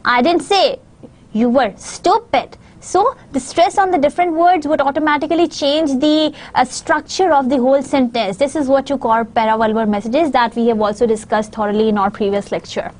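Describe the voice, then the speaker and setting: A woman's voice: high voice, steady tone, fairly quick, hardly any pauses, darkish tone. A woman from Pakistan giving a recorded university lecture, explaining slides with frequent hesitations and fillers.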